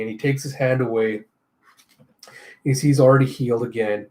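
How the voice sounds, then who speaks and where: A man's voice: medium pitch, fairly even intonation, normal speed, warm tone. Casual man reading a comic aloud. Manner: chatty, with sound-effect words. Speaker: comic readthrough host. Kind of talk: casual comic readthrough narration.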